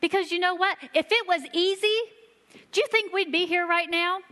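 A woman giving a sermon to a church, telling stories earnestly and slowing down for emphasis. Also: extremely high pitch, steady tone, pushed and bright. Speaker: church children's ministry leader. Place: church sanctuary. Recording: long reverb of a large hall.

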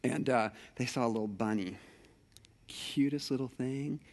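A male pastor preaching a sermon, telling a personal story with animated energy and acting out the scenes. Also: mid-range voice, moderate pace.

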